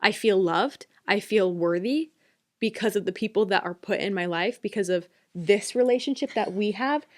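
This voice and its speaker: A woman's voice: mid-range voice, normal speed. A young woman co-hosting a podcast, talking casually and from the heart about motherhood and faith. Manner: heartfelt, reflective. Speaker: podcast co-host. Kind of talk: casual chat.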